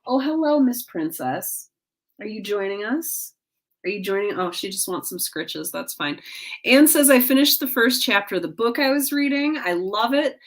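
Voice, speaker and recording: A woman's voice: mid-range voice, expressive, normal speed. Tired, yawning woman streamer. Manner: yawning, drowsy, upbeat and encouraging. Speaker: livestream host. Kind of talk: casual livestream chat, reading comments. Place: home.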